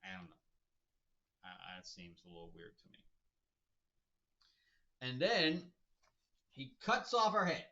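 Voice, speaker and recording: A man's voice: medium pitch, huge pitch swings, takes it slowly, pauses often, bright, forceful tone. A man hosting a casual comic review, rambling and amused, with chuckling asides. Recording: dull lo-fi recording.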